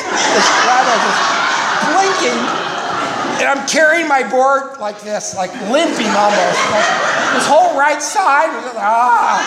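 Older man telling a story in an echoey hall. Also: extremely high pitch. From California. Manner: rambling, self-mocking, acts out quoted voices. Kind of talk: personal recovery story to an audience. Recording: echoey hall, faint noise.

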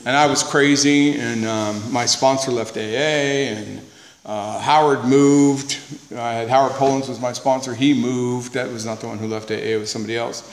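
A man's voice: mid-range voice, fairly even intonation, normal speed. Man sharing his story in an echoey hall. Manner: earnest and conversational, repeats words for emphasis, wry humor. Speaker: speaker at a recovery meeting. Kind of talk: personal testimony to an audience. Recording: echoey hall with faint noise.

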